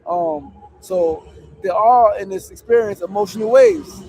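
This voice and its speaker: A man with a high voice speaks outdoors, cursing freely and repeating himself for emphasis as he preaches grit and purpose. He sounds middle-aged. Faint city traffic hums behind him. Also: measured pace, a little mellow, low-quality recording. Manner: profane, emphatic, repetitive, preachy. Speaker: livestream host on a public fast. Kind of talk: casual motivational livestream talk. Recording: faint urban street noise.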